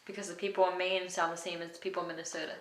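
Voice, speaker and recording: A woman's voice: on the low side, level tone, very fast. Woman interviewer, curious brief prompts, roomy echo, faint background noise. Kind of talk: casual interview questions. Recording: echoey room.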